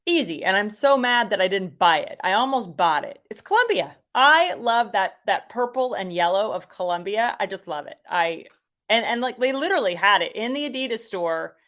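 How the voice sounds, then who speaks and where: Woman, soccer broadcaster guest, animated, enthusiastic, medium pitch, casual chat. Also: normal speed. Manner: enthusiastic, animated, many fillers.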